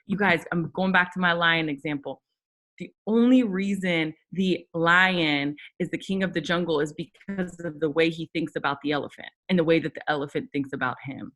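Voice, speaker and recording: Earnest woman coaching her team. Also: lowish voice. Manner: earnest, coaching, rhetorical questions. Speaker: network marketing leader. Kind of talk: motivational team pep talk.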